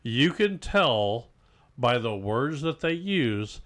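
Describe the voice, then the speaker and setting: A man's voice: mid-range voice, sing-song, slow pace, a bit bright. A man co-hosting a casual podcast, joking about fancy words and mocking pompous speech. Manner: jokey, mocks pompous speech. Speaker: podcast co-host. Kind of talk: casual chat.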